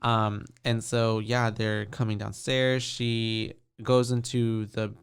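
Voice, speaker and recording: A man co-hosting a podcast, casually recapping a horror film in a relaxed, agreeable way with many fillers. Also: on the low side, takes it slowly, gravelly, clear, resonant tone. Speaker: podcast co-host.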